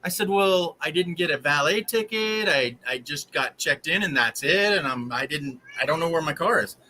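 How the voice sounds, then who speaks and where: A man hosting a live stream, telling a long rambling story in an exasperated, animated way. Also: on the high side, moderate pace, slight background noise, poor audio. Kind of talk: casual storytelling to live viewers.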